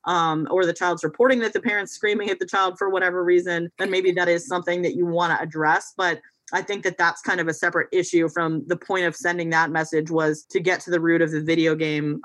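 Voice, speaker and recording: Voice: mid-range voice, a bit bright, no echo. A family law attorney explaining things in a casual podcast chat, hedging often with fillers. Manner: explanatory, hedging with frequent "you know" and "like".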